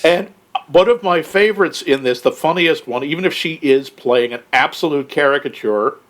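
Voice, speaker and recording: A man with a fairly high speaking voice co-hosts a casual film review chat. He talks in an animated way, laughs often and slips into quoted lines as he tells them. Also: normal speed. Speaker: podcast co-host.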